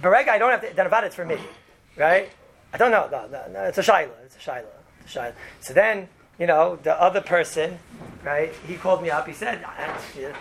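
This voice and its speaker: A man's voice: sits high, expressive, fairly quick, vocal fry, a bit bright. A man giving an informal religious law lesson in a conversational way, often asking "right?" and acting out the people in his examples. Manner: conversational, often asks "right?", acts out quotes. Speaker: Torah teacher.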